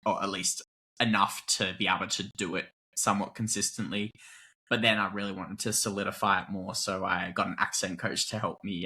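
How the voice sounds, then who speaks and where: Bright-voiced young Australian-born actor. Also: male voice, low-pitched. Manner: relaxed, laughing often, many "like" fillers. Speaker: guest actor. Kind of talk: casual interview chat.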